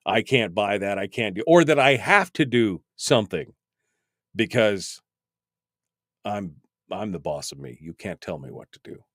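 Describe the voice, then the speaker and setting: A man's voice: lowish voice, expressive, a little slow, a bit bright, no room sound, clean studio sound. A man in his fifties hosting a talk radio show, delivering a wry, exasperated, rambling monologue full of asides. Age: 50s.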